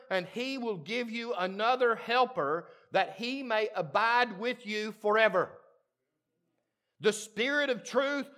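Male pastor, high voice, sermon delivery that climbs from hushed to shouting. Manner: preaching with repetition, building to loud emphatic peaks.

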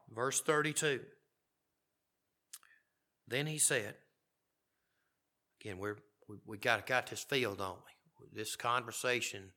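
Bright-voiced male preacher. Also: medium pitch. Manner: reads scripture aloud and comments conversationally. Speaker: pastor. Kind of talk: sermon.

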